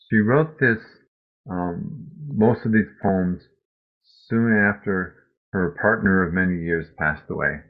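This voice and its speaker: A man giving a meditation dharma talk, speaking slowly and gently with reflective pauses. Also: low-pitched. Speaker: meditation teacher. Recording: phone-like lo-fi recording.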